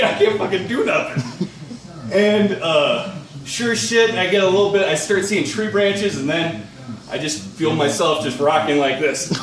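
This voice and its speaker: A young man telling a rambling, profane personal anecdote, laughing through it as he goes. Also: high-pitched. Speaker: storyteller. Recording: echoey room, distant mic, faint noise.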